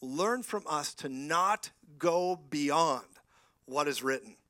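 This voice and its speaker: A man preaching a lively sermon in a church, telling stories and acting out the voices of people in them. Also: on the high side, slow pace, no room sound. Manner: animated, jokey, acts out voices in stories. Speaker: guest preacher.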